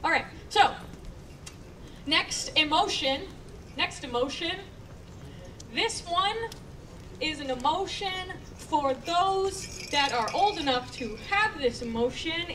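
A woman hosting a convention panel, talking to the crowd in a playful, animated way, often laughing. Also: very high voice, slow pace. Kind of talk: live panel commentary to an audience. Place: convention panel room with audience. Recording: distant camera, crowd noise.

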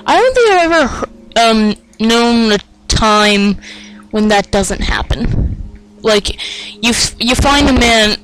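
A man giving let's play commentary, excitable and self-mocking, with sing-song taunts. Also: extremely high pitch, slow, faint music behind, rough recording. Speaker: gamer.

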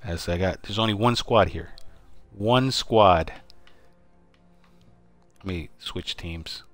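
Low-voiced wisecracking New streamer. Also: male voice, slow, no room sound, soft background music. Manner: wisecracking, repeats catchphrases. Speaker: game streamer. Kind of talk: live gameplay commentary.

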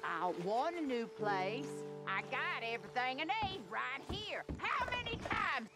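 A woman's voice: high-pitched, very animated, unhurried. An actress voicing a mean, foul-mouthed old rural grandmother who hurls insults and threats, with a harsh, scolding voice. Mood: furious. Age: older. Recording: game audio with music behind.

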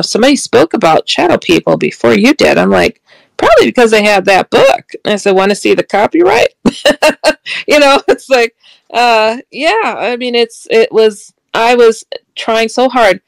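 A woman's voice: medium pitch, creaky, dry recording, rough recording. A middle-aged woman telling a personal story in a casual, chatty way, laughing often and acting out what people said. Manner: chatty, laughs often, acts out quoted dialogue. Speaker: author and paranormal speaker.

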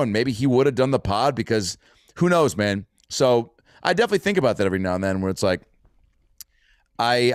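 A male comedian telling a story as a podcast guest, animated, casual and swearing, acting out what people said. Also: medium pitch, no room sound, clean studio sound. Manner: animated, swearing, acts out quotes.

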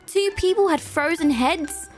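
A young woman giving playful, excitable commentary while playing a hospital role-play game, chatting and exclaiming often. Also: very high voice, unhurried, faint music behind. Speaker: gaming YouTuber.

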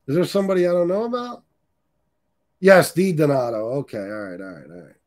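A man's voice: fairly high pitch, animated, fairly quick, a little mellow. A middle-aged man hosting a live stream, reading chat comments and trash-talking in a blunt, crude, heated way. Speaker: livestream host reading chat. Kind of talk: casual profane live-stream rant.

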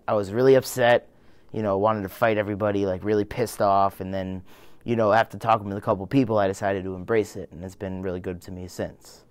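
A man's voice: on the low side, smooth, dry recording. Rambling young man with a Boston accent. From Boston area. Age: 20s. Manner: rambling, full of "like" and "you know", acts out his own lines. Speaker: interviewee. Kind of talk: casual storytelling.

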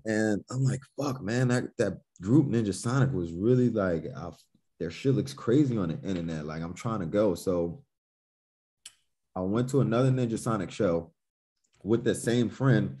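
A musician from Newark, New Jersey, guests on a podcast, spinning stories in a loose, laid-back chat, swearing freely and acting out how he reacted back then. His voice is lowish and warm, at normal speed.

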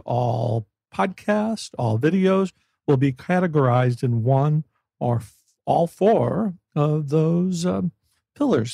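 A male podcast host, chatty and upbeat, who laughs easily. His voice is gravelly and husky, with a mellow, darker tone. The sound is dry and close. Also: fairly high pitch, dry recording. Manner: chatty and enthusiastic, laughs often. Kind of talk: casual podcast interview. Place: Florida.

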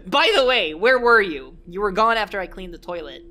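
A young man commenting on a horror game, joking and shouting at the scares. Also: high voice, big pitch swings, normal speed. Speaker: gaming commentator.

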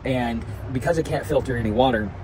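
A man telling a rambling, animated story about his hike in a casual outdoor vlog with lots of restarts. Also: medium pitch, fairly quick. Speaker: vlogger. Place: outdoors at a campsite. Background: wind and outdoor ambience.

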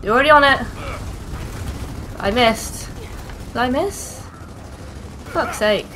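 A woman's voice: fairly high pitch, expressive, slow pace, fairly bright tone, slight background noise. A young woman commenting on her game as she plays, swearing freely and reacting bluntly to the action. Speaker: gaming streamer. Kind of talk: gameplay commentary.

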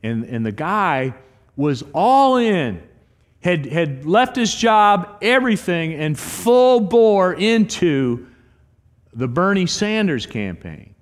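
A man's voice: sits high, slow. A middle-aged man preaching a sermon as a pastor, telling stories with acted-out quotes. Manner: animated storytelling with acted quotes. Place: church sanctuary. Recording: long church hall reverb.

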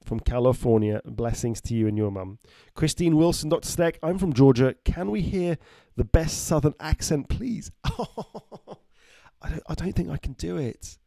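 A man chats casually on a live stream, reading out viewer names and teasing the audience. His voice sits a little high for a man and sounds dry and close, with no room around it. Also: lively intonation, measured pace, vocal fry, dark tone, dry recording. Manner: reads out viewer names and greetings, jokey. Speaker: doctor hosting a live stream.

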